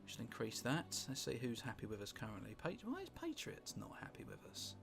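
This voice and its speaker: A British man casually commentating on a strategy game he is playing, rambling and wry, with sweary asides and thinking out loud. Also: mid-range voice, wildly swooping pitch, brisk, vocal fry. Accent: British English. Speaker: gameplay commentator. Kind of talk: casual let's-play commentary. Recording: music playing underneath.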